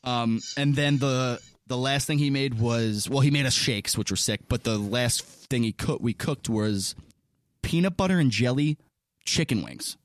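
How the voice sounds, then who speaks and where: A man in casual podcast chat who tells stories with animated energy and swears freely. His voice sits in an ordinary middle register. The recording is dry and close, with no room sound. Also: medium pitch, unhurried, no room sound. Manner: animated, laughing, swearing storyteller. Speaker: podcast co-host.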